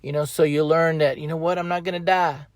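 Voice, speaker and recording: A man hosting his own podcast talks in a loose, folksy ramble, circling back and repeating his phrases. His voice sits a little higher than most men's. The sound is dry and close, with no room echo. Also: steady tone, a little fast. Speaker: podcast host. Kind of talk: casual motivational monologue. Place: outdoors up in a tree.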